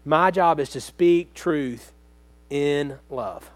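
A man's voice: fairly high pitch, slow pace, no room sound. A man preaching a sermon as pastor, speaking earnestly and conversationally, often turning to the congregation with direct questions.

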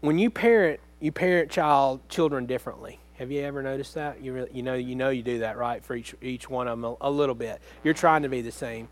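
A man's voice: mid-range voice, a little fast, hardly any pauses. A man preaching a sermon as pastor, speaking earnestly and conversationally, often turning to the congregation with direct questions.

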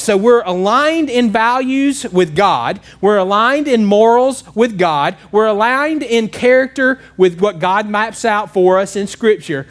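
Preacher, male, light high voice, chatty sermon style, keeps asking the room questions. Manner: conversational, asks the congregation questions. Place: church.

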